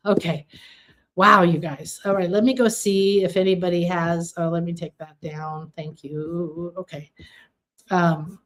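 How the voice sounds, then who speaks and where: A woman's voice: lowish voice, steady tone, takes it slowly, pauses often. A woman hosting a live stream of spiritual readings. She speaks earnestly and emphatically, and repeats words for stress as she chats with her viewers.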